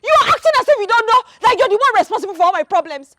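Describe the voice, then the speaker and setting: A fiery Nigerian wife, defiant and accusing, who will not back down. Her voice sits very high and swings with feeling. She speaks loudly and with full force. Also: expressive, racing, background noise. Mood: angry. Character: fierce loyal young wife, hot-tempered. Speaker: wife defending her husband. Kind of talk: Nollywood film acting.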